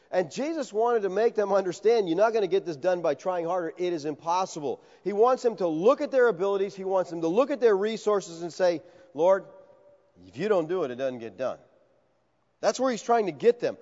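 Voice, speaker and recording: A high-voiced, lively man preaching a conversational sermon and slipping into the voices of the people he quotes. His voice swings widely in pitch. The sound is a little dull, with a long reverb from a large hall. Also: fairly quick. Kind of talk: expository sermon.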